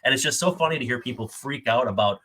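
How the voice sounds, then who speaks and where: A man co-hosting a sports podcast in casual chat, with a bright, forceful voice. He is joking and enthusiastic, running through details in a chatty way. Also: mid-range voice, lively intonation, fast talker, slight background noise. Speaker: podcast co-host.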